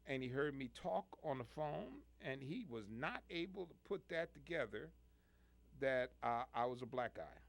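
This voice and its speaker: Male call-in radio host from the US, animated storyteller, gravelly voice with a lively pitch. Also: moderate pace. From United States. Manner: animated storyteller, laughs often.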